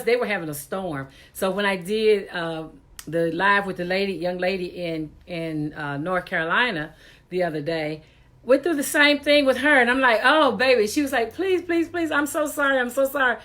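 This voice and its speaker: A woman's voice: on the low side, normal speed, fairly bright tone. A woman hosting a casual live-stream talk show, chatty, laughing often and exasperated at technical glitches, talking into a computer mic.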